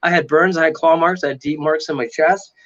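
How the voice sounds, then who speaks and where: High-voiced man telling a story dramatically. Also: steady tone, fairly quick, fairly bright tone. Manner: dramatic, acts out voices and sounds. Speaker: paranormal investigator guest. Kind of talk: animated storytelling. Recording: dull lo-fi audio.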